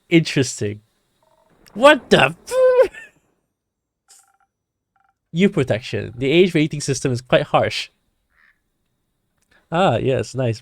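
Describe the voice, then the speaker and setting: A man's voice: mid-range voice, no room sound. A man streaming a game live, joking and riffing casually as he reads along. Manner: jokey, laughs and riffs while reading a game.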